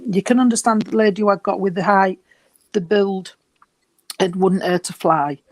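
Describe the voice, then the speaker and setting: A man giving a reading at a service, gentle and reassuring, and short of breath. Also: sits high, moderate pace, no room sound. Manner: gentle, reassuring, calls people sweetheart. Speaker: spiritualist medium.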